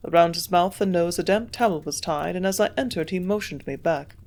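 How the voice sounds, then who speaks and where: Woman reading an old novel aloud, quiet and measured, audiobook narration. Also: fairly low pitch. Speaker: audiobook reader. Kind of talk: scripted narration.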